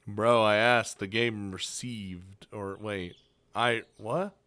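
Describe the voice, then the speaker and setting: A man's voice: lowish voice, fairly even intonation, slow, sharp tone, dry recording. A young man casually commenting and reading aloud while playing a visual novel, joking and rambling. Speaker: let's play host.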